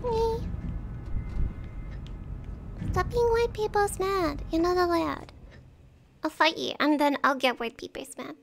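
Woman game streamer, high gravelly voice, chatty and foul-mouthed with chat. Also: moderate pace, slight background noise. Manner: chatty, swears casually, talks to chat. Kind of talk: live gameplay commentary.

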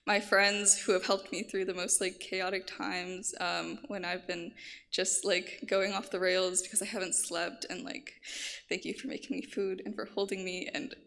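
A woman's voice: mid-range voice, level tone, moderate pace, fairly bright tone. A graduating student, a woman, gives a casual, emotional thank-you speech and says "like" often. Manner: casual, with many likes. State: emotional, near tears.

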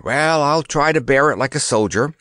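A man's voice: medium pitch, lively intonation, normal speed, a bit bright, no room sound, clean studio sound, voice pushed up, lightly acted. A man voicing an old male soldier who blusters and exclaims in a storybook reading. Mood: agitated.

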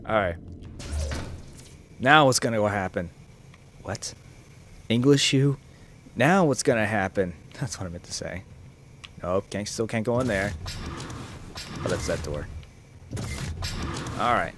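A man casually commenting on his gameplay, joking and swearing and reacting loudly to scares. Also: fairly low pitch, big pitch swings, measured pace, long pauses, slight background noise. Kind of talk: casual let's-play commentary.

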